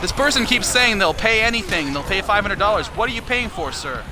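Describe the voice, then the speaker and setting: A man's voice: sits high, expressive, a little fast, noisy background. A man chatting crudely on a live stream, profane and mocking as he reads messages and asks for donations. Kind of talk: casual live-stream chat.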